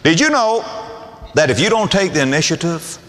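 A man's voice: fairly high pitch, sing-song, normal speed, a bit bright, big-room sound, slight background noise. A man preaching a sermon, reading old scripture aloud and briefly voicing the people in it. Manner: reads scripture aloud and acts out voices in the text.

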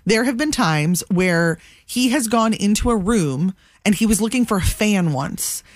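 A woman co-hosting a morning radio show, telling a story in an animated way. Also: mid-range voice, measured pace, dry recording, studio quality. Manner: animated storytelling, laughing, acting out voices. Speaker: radio co-host. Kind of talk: casual morning radio banter.

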